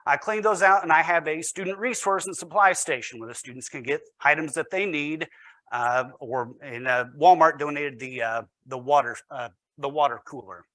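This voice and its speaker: A man's voice: fairly high pitch, moderate pace, pushed and bright, no room sound. A man, a teacher, giving a storytelling presentation with wry, self-deprecating humor.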